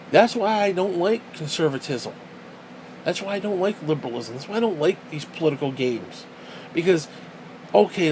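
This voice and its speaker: Profane, heated man ranting, slightly high. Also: darkish tone, slight background noise, poor audio. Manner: profane, heated, repeats himself. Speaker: vlogger. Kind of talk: ranting monologue.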